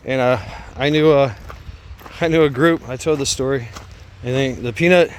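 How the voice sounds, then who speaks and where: A man's voice: mid-range voice, moderate pace, long pauses, slight background noise. A man telling a casual story, rambling and swearing, with lots of fillers, restarts and frequent laughs. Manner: laughs often while telling.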